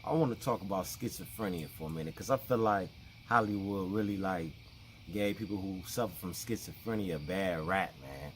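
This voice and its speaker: A man's voice: sits low, fairly quick, slight background noise. A man with explaining things in a casual, conversational talk to camera. He often repeats himself and acts out the people he quotes. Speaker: vlogger.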